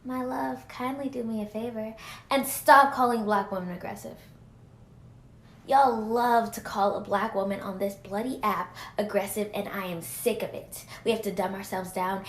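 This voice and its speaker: A woman's voice: fairly high pitch, normal speed. Indignant woman in an echoey room. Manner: pleading, indignant. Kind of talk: social media video.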